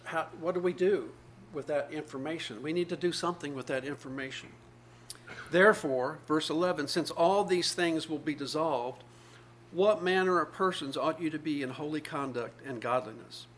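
A man's voice: fairly high pitch, normal speed, a bit bright, slight background noise. A man, probably older, preaching a sermon, reading scripture aloud and explaining it earnestly with repeated phrases.

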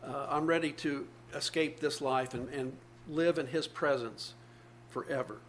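A man's voice: medium pitch, fairly even intonation, unhurried, slight background noise. A man, probably older, preaching a sermon, reading scripture aloud and explaining it earnestly with repeated phrases.

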